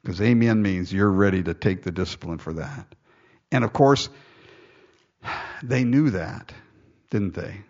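A man's voice: deep voice, measured pace, pauses often, darkish tone, muffled recording. A man preaching a sermon, reading scripture aloud and breaking off into jokey, conversational asides.

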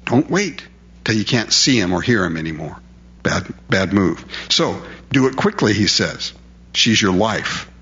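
A man preaching a sermon, animated and full of rhetorical questions, acting out quotes in different voices. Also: lowish voice, measured pace, breathy edge. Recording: dull lo-fi recording.

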